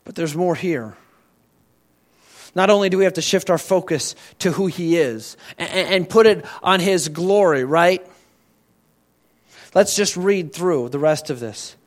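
A man preaching a sermon as pastor, emphatic and conversational, asking the congregation questions and swinging between loud and quiet. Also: high-pitched, unhurried, pauses often.

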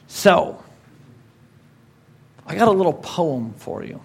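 A male pastor leading a prayer and then preaching, telling a story aloud with animated, emphatic asides. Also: on the high side, slow pace, gravelly, pauses often, husky. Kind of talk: sermon.

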